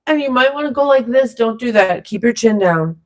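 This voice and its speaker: A woman leading a silly vocal warm-up in a playful, rambling way, drifting into loose improvised rapping. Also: fairly high pitch, animated, a little fast. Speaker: vlogger leading a vocal exercise. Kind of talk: playful casual instruction.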